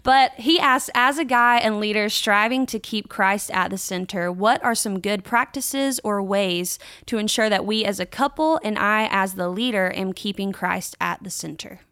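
A woman's voice: medium pitch, moderate pace, hardly any pauses, a bit bright, clean tone, no echo, clean studio sound. A woman in her twenties co-hosting a casual faith chat. She reads listener questions and answers in an easygoing way. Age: 20s. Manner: easygoing, laughs along. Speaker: co-host reading listener questions.

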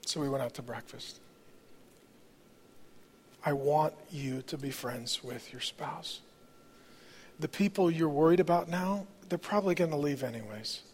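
With measured pacing, long pauses, and a slightly high, somewhat mellow voice, a male pastor in his forties preaches a storytelling sermon. He speaks candidly and conversationally about personal experiences in a large church auditorium full of long reverb.

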